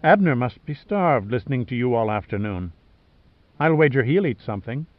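A man voicing a caring grown daughter who speaks in a soft, gently coaxing way. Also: medium pitch, expressive, moderate pace, dry recording, dull audio, close to an everyday voice. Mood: gentle.

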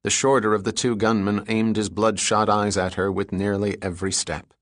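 A man narrating a thriller audiobook chapter in a steady, measured way. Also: fairly low pitch, no echo, studio quality. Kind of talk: scripted narration.

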